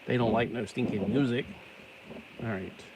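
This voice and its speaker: A man's voice: mid-range voice, normal speed. A middle-aged man rambling casually while building a toy, joking at his own expense. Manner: chatty, self-deprecating, joking asides. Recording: steady background noise.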